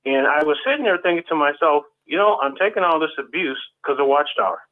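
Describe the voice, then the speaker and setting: A man's voice: a little high, quick pace. A man talking in an earnest, casual way in a group discussion, often stammering and restarting. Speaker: ex-Jehovah's Witness panelist. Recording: tinny phone-like line.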